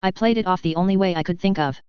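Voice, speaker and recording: Brief: woman storyteller, lowish pitch, lo-fi dull recording, steady narration. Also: fast talker, clear, resonant tone, no echo. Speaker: reader. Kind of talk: audiobook reading of fan fiction.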